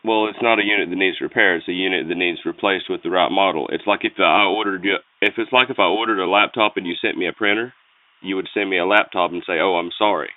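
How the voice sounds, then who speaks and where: Deep-voiced caller, frustrated and pushy, phone-line sound. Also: male voice, quick pace, dry recording. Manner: frustrated, pressing, persistent. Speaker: customer calling support. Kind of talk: phone call.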